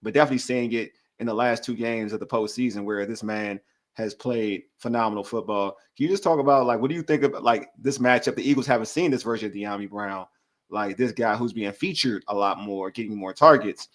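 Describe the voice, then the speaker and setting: A man hosting a casual sports podcast, relaxed and conversational, often chiming in with short agreement. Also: fairly low pitch, fairly quick. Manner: relaxed, frequent agreeing backchannels. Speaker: podcast host.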